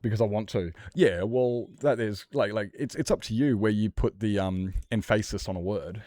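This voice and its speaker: Over clean, dry studio sound, a male livestreamer with a lowish, mellow voice speaks at a normal speed. He chats casually with viewers while gaming, rambling on, getting argumentative, and cursing occasionally.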